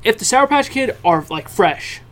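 A man's voice: high voice, lively intonation, moderate pace, a bit bright. A man in his twenties co-hosting a casual podcast, teasing and playful. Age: 20s. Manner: teasing, playful, laughs at jokes. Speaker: podcast co-host. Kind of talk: casual chat.

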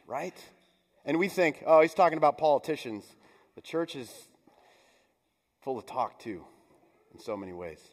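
A middle-aged man giving a sermon as pastor, conversational, with playful asides and mock voices. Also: on the high side. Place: church sanctuary. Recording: long church reverb.

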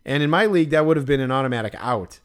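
Very fast and smooth, this man's medium-pitched voice has lively intonation as he co-hosts a podcast recap. It's casual, rambling chat packed with "like" and fillers, and he acts out what people said.

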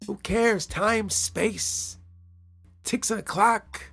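Gravelly guy rambling on his podcast, jokey, keeps repeating himself. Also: high-pitched, very slow, fairly bright tone, faint music behind. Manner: playful, rambling, repeats phrases, laughs at own jokes. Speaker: podcast host. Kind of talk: casual solo podcast monologue.

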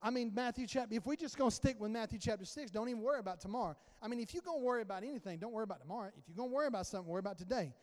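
A man's voice: high voice, very fast, hardly any pauses, darkish tone, big-room sound. A male pastor preaching a conversational sermon and acting out little dialogues. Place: church sanctuary.

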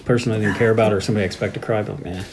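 A man's voice: lowish voice, steady tone, racing, background noise. A man co-hosting a casual movie podcast, chiming in with short reactions and wry asides. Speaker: podcast co-host.

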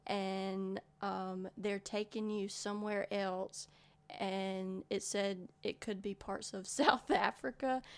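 A woman's voice: medium pitch, gravelly. A woman, chatting casually and rambling as she loses her words, laughing often. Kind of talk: casual chat.

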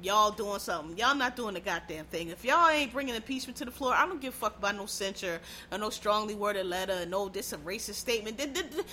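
A woman's voice: medium pitch, expressive, fast talker, hardly any pauses, sharp tone, a little hiss or hum. Blunt, profane woman ranting. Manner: blunt, profane, heated and sarcastic. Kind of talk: casual ranting commentary.

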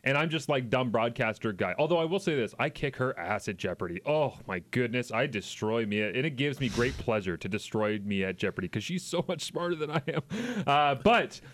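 A middle-aged man with a Canadian accent co-hosting a sports talk radio show. He rambles through stories with easy, frequent laughter, in a voice of ordinary middle pitch. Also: animated, fairly quick, few pauses, a bit bright. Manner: laughs a lot, rambling storyteller. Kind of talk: casual radio banter. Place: radio studio.

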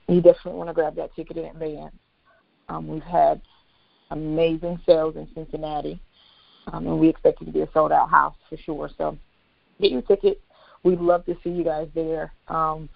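A woman's voice: sits low, gravelly, no echo. A woman guest promoting a stage musical, enthusiastic and full of fillers. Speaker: theater guest. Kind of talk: promotional interview. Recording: dry, dull lo-fi sound.

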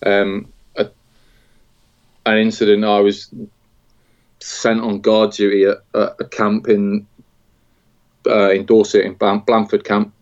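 British guy in his 40s, lowish voice, kinda muffled audio, lots of ums and restarts, telling it straight. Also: completely flat delivery, a little mellow. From Britain. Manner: halting, with many restarts and fillers. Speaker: guest, military veteran. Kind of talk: candid interview conversation.

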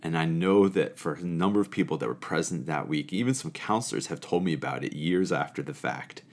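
A man with a low, deep voice tells a story from his camp counselor days. He is animated and expressive, then shifts into reflective spiritual musing. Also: brisk. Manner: animated and expressive, acting out quoted people. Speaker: storyteller sharing a camp memory.

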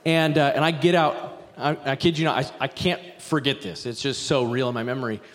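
A middle-aged man preaching a sermon, telling a story in an animated, rambling way with asides. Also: mid-range voice, a little fast, long reverb tail. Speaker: pastor. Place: church sanctuary.

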